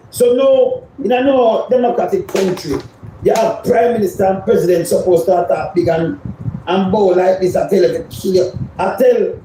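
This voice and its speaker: A man's voice: extremely high pitch, mellow, slight background noise. A Jamaican man giving a heated, rambling political rant as a commentator, repeating himself as he argues. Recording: very echoey room.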